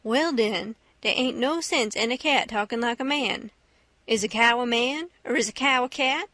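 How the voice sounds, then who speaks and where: A woman's voice: on the high side, normal speed, bright, forceful tone, dry recording. A woman reading the lines of a stubborn grown man who keeps insisting in an argument with a boy, in an audiobook.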